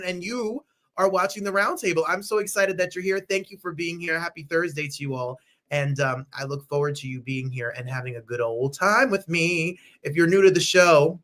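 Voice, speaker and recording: A fairly high-voiced man in his thirties hosts a live-stream chat show with gushing, bubbly energy. He is from New Jersey and keeps jumping into playful falsetto squeals and snatches of song. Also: fairly even intonation, normal speed, pushed and bright. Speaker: host.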